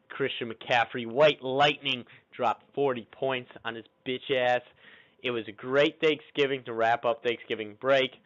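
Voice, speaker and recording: A man's voice: mid-range voice, a bit bright. A young man giving casual fantasy football commentary, cocky and trash-talking as he builds hype for the playoffs. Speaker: fantasy football league podcaster. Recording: dull lo-fi recording.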